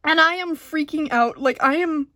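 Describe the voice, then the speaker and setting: A bubbly young woman with a high voice chats into a close camera mic about her day, laughing often and fangirling. The sound is dry and close, with no room echo. She comes across as jittery and excitable. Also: moderate pace. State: jittery on caffeine. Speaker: diamond painting vlogger. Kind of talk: casual storytelling chat.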